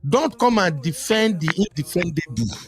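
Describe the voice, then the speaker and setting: A man with a Nigerian accent hosting a live chat show, animated and teasing, mixing Pidgin into English. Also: high voice, normal speed, soft background music. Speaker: host.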